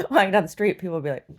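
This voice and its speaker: A woman's voice: lowish voice, a little hiss or hum. A middle-aged woman chatting casually and bawdily, laughing often and cooing at her dog. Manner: bawdy, giggly, talks baby-talk to her dog. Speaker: vlogger. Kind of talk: casual chat.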